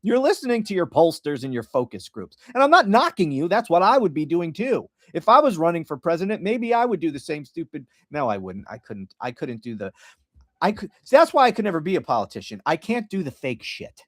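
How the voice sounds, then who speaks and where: A man's voice: fairly high pitch, sing-song, brisk, fairly bright tone, no echo, clean studio sound. Blunt, profane man ranting on livestream. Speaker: political podcast host. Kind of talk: livestream political commentary.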